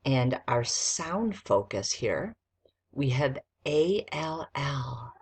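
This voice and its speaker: A woman teacher giving a recorded spelling lesson to young students, dictating slowly and sounding out letters one at a time. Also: rumbling low, big pitch swings, darkish tone, slightly rough.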